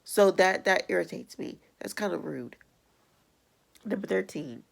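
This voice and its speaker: Gravelly-voiced woman venting to camera. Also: lowish voice, measured pace. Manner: blunt, exasperated, animated. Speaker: vlogger. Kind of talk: casual vlog rant.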